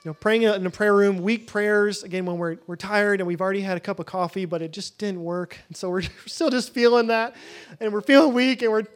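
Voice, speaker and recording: A man's voice: high-pitched, steady tone, brisk, hardly any pauses. A young man leading a prayer-room teaching, talking casually with lots of fillers, restarts and self-deprecating asides, into a podium microphone. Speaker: prayer leader.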